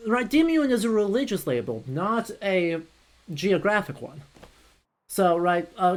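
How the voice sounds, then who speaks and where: A historian streamer giving casual live commentary over gameplay, chatty with many fillers and dry sarcastic asides. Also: medium pitch.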